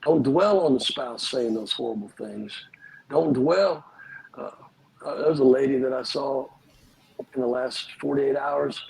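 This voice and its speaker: A man, a pastor and podcast guest, telling earnest, animated stories about forgiveness in casual conversation. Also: medium pitch, measured pace, gravelly, slight background noise, poor audio.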